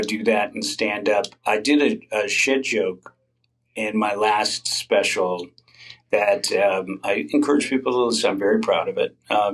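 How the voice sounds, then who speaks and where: A middle-aged man speaks as a comedian guest in a candid interview. His voice sits fairly low, and he tells long stories full of ums, restarts and asides. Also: low-quality recording. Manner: rambling storytelling with many fillers and restarts.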